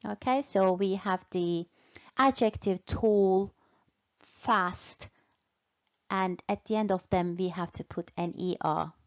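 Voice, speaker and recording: A woman teaching English in a slow, deliberate way, patiently repeating and stretching out key words for learners. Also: medium pitch, highs cut off. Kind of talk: slow, deliberate language lesson.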